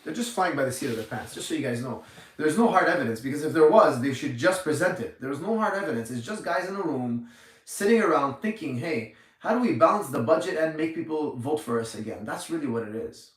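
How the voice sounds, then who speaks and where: A man's voice: a little high, lively intonation, a little fast, recorded from a distance. A man in his forties giving an indignant, emphatic livestream rant from a gym, repeating his points. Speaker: gym owner. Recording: echoey room, off mic.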